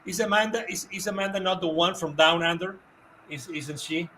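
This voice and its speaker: Effusive male show host, higher voice. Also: fairly even intonation, moderate pace, pushed and bright, slight background noise. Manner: effusive, repeats himself, restarts often. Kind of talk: live show sign-off, reading viewer messages.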